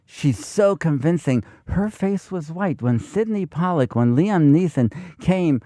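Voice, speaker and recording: A man's voice: a little high, animated, unhurried, warm tone, dry recording, clean studio sound. Eager, rambling male podcast guest. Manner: eager, rambling, quotes scenes. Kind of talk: enthusiastic film talk.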